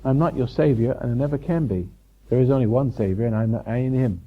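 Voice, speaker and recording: A man holds forth at a live seminar, circling back over his points and chuckling at his listeners. His voice is gravelly and a little husky. The tape sounds dull and lo-fi, like an old hotel-room recording. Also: medium pitch, quick pace. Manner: rambling and repetitive, chuckling, teasing the audience. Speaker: seminar speaker. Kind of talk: live spiritual lecture to an audience. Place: hotel function room before a live audience.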